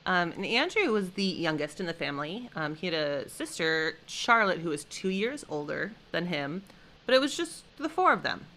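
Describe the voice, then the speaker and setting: A woman hosting a podcast, presenting a case in a relaxed chat with frequent ums. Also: lowish voice, moderate pace, a little hiss or hum. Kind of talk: casual chat.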